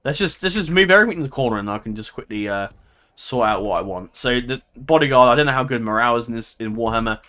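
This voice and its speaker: A man talks through a strategy game in a loose, chatty way. He laughs often and keeps second-guessing his own calls. His voice sits at an ordinary middle pitch. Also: lively intonation, fast talker, pushed and bright. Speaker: gameplay commentator. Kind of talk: casual game commentary.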